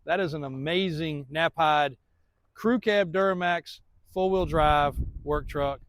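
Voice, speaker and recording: A man's voice: on the high side, a little slow, fairly bright tone. A man in his thirties, a truck shop owner, rambling through a casual walkaround update of his lot, laughing often.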